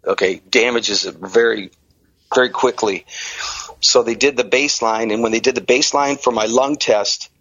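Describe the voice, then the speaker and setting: A middle-aged man from the Detroit area tells his own story in an interview and acts out the people he quotes. His delivery is lively and animated. The recording is dull and lo-fi, with a dry sound. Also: mid-range voice, normal speed, no room sound. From Detroit area, Michigan.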